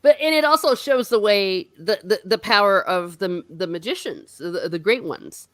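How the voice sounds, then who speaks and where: A woman's voice: medium pitch, expressive, moderate pace, no echo. A woman hosting a casual book discussion, animatedly retelling the plot and acting out the characters' lines. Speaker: book club host.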